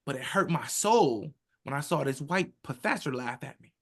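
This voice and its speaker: A man in his thirties, a podcast guest, telling his story in an animated, emphatic way and acting out quotes in his own voice. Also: mid-range voice, normal speed, slightly rough. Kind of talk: emotional personal storytelling.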